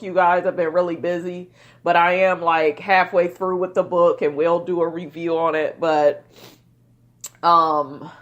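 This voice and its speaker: A woman giving a casual recap of a reality TV episode, blunt and profane, talking straight to her viewers. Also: fairly low pitch. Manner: chatty, addresses viewers directly.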